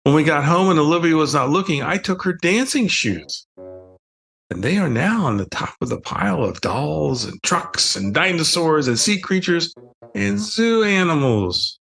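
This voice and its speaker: Older man reading a lively bedtime story. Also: fairly high pitch, normal speed, gravelly. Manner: gentle, expressive storytelling. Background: soft music.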